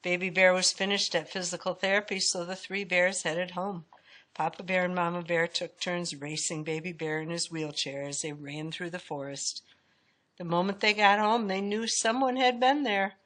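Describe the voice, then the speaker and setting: A woman reads a children's storybook aloud in a lowish voice. Her delivery is expressive and swings up and down the way storytelling does. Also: normal speed. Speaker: storybook reader.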